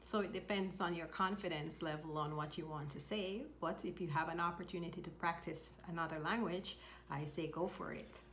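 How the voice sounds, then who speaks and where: A woman teaching a spoken lesson, repeating each phrase slowly and clearly. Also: fairly low pitch, steady tone, a bit bright, a little hiss or hum. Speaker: language teacher. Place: home in Mexico.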